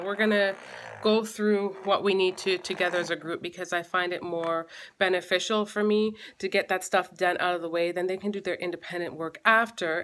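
A woman in her thirties from Canada, a homeschooling mom chatting casually to her vlog audience and talking playfully to her baby. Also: fairly bright tone. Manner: chatty, playful, talks to her baby in a high sing-song voice.

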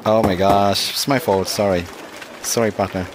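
A man playing a mobile tennis game and commenting live, excitable and self-critical, with frequent exclamations. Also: lowish voice, moderate pace. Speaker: mobile game let's-play host. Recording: loud background noise.

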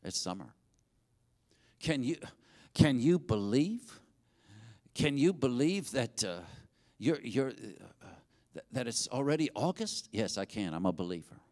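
A man's voice: medium pitch, sing-song, measured pace, a little mellow. A man pastor preaching a sermon and leading a prayer, with rising intensity and fervent repetition. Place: church sanctuary.

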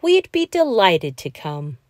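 A woman voicing a courteous grown-up male owl in a storybook read-aloud, speaking in a slow, measured way. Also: medium pitch, sing-song, darkish tone, dry recording, clean studio sound. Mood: polite.

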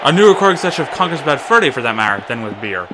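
A young man hosting a blind let's play, commentating excitably, swearing and yelling at the game as he plays. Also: fairly high pitch, rapid-fire, background noise. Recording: loud game music behind the voice.

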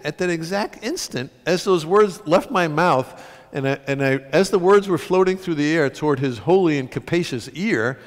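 A man's voice: fairly high pitch, expressive, moderate pace. A man, an author, telling a self-mocking story to a live audience in a concert hall, laughing often. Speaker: author, guest speaker. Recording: long concert hall reverb.

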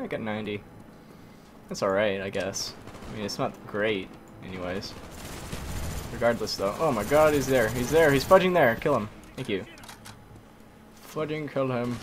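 Tired man rambling over a shooter game. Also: medium pitch. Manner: rambling, self-talking, swaps swears for mild words. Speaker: gaming commentator. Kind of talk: casual live gameplay commentary. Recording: game audio with music underneath.

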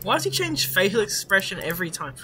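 A young adult gamer giving casual, excitable commentary over a horror game, swearing often and reacting loudly to surprises. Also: medium pitch, fast, faint music behind.

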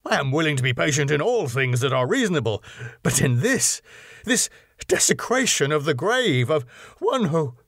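A man voicing a proud young English lord who speaks earnestly and formally and is quick to take offence. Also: medium pitch, animated, dry recording, studio quality, close to an everyday voice. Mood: indignant. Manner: earnest and formal, rising to indignation.

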